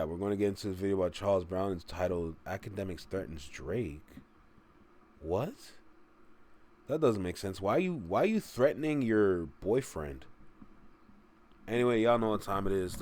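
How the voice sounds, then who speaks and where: A man hosting a casual livestream reaction, fast-talking and joking, who calls himself a motor mouth. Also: deep voice, expressive, a little mellow, slight background noise. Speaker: reaction streamer host.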